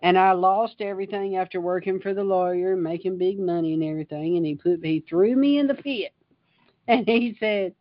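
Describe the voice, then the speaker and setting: A woman's voice: fairly low pitch, steady tone, brisk, no room sound. Fervent woman preaching, dull lo-fi sound. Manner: fervent and emphatic, reads scripture then riffs on it. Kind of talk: informal livestream sermon.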